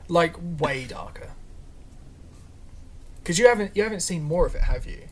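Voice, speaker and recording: Chatty podcast co-host, mid pitch. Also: very animated, a little slow. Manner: chatty, rambling, many "like" fillers. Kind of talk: casual chat.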